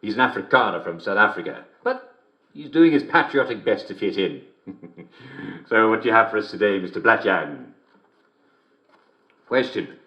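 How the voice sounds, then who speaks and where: An actor playing a gleeful, smugly cruel middle-aged English television host in a video game, who giggles constantly between lines. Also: male voice, lowish voice, expressive, moderate pace, pauses often, lo-fi sound, close to an everyday voice. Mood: jovial, mocking. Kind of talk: video game character performance. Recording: roomy echo.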